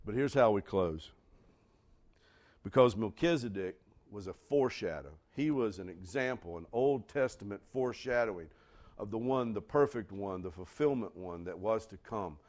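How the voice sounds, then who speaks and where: A man preaching a sermon in a folksy, animated way, with sudden loud bursts. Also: lowish voice, normal speed. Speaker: pastor.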